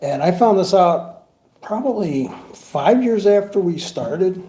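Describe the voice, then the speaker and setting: A man's voice: high-pitched, lively intonation, slow, dark tone. A man telling laughing, jokey stories about a coworker at a funeral service. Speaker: coworker giving a eulogy. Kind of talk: storytelling eulogy at a funeral. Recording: roomy hall with clear background noise.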